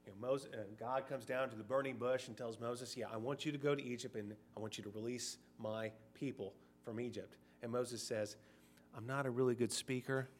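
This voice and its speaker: A man's voice: mid-range voice, steady tone, a little fast, few pauses, a little hiss or hum. A middle-aged man preaching a sermon in a conversational way, sometimes acting out short quoted voices.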